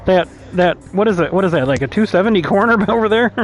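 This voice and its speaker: A man with a noticeably high speaking voice runs a sim racing lobby over his headset, checking in drivers with an easygoing, joking manner. Soft music plays faintly behind him as he chats. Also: animated, fast talker, rough recording. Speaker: race league host. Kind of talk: casual voice chat roll call.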